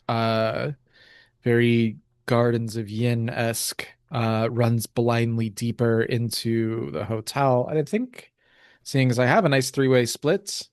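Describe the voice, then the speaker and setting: A man reading game rules aloud and describing scenes in a relaxed way, with many fillers. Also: medium pitch, dry recording, studio quality. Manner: relaxed, full of ums and uhs. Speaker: tabletop game player.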